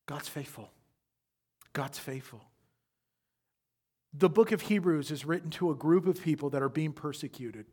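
A man preaching a sermon who speaks straight to his congregation with questions and rises from quiet reflection to loud emphasis. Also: a little high. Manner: addresses the congregation directly with questions. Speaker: pastor.

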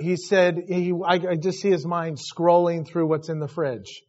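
A man preaching a sermon, telling stories with lively acted-out voices. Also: sits high, normal speed, hardly any pauses. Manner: animated storytelling, acts out voices. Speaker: pastor. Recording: dull lo-fi recording.

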